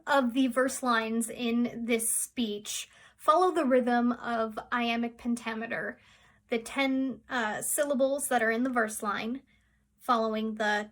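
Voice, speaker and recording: A young theatre student lays out her analysis of a speech. She explains it step by step with the odd filler. Her voice is high and her pace is calm and slow. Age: young adult. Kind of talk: academic analysis.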